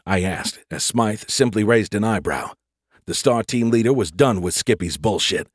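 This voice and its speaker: A man's voice: on the low side, expressive, normal speed, breathy edge, no echo, clean studio sound. Wry male audiobook narrator. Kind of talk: first-person scripted narration.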